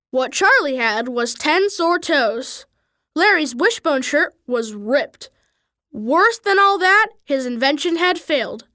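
Lively woman reading a children's story. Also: high-pitched, a little slow, dry recording, clean studio sound. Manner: expressive, animated storytelling. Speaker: reader. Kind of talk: children's story read-aloud.

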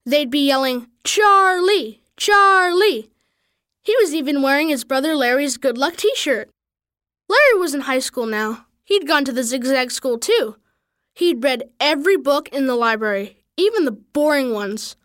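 A woman reading a children's story aloud with expressive, animated storytelling. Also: high voice, no echo, clean studio sound. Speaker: reader.

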